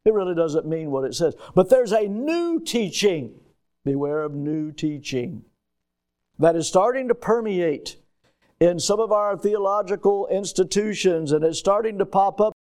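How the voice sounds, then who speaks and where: A man with a notably high voice delivers a teaching sermon. He reads old-fashioned scripture wording aloud, then explains it plainly and throws questions to his listeners. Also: lively intonation, measured pace, a little mellow. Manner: teacherly, asks the congregation questions. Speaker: pastor. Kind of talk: expository sermon.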